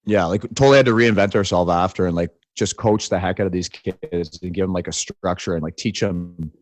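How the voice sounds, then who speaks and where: A male podcast co-host in easy, joking chat. His voice is fairly low, and he tells stories in a loose way, checking in with "right?" as he goes. The sound is close and dry. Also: a little fast, dry recording. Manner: bantering, storytelling with many "like"s and "right?"s. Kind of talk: casual chat.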